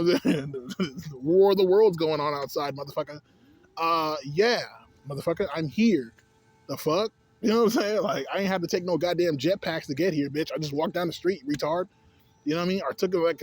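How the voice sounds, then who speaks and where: A young man rants in a loose, storytelling way. His voice sits a little higher than most men's. He swears freely, sounds exasperated, and laughs between his complaints. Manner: profane, exasperated, laughing asides. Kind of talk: casual storytelling rant.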